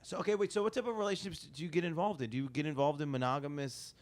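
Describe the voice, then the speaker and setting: A man's voice: on the high side, fairly even intonation, racing. A man hosting a podcast, chatting casually and joking, often trailing off and restarting his sentences. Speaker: podcast host. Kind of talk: casual chat.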